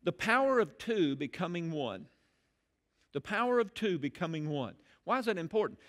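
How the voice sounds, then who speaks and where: Man, pastor, bright forceful tone, slightly high pitch, animated preaching. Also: normal speed. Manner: animated preaching, rising loud on key phrases. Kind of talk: sermon. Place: church sanctuary.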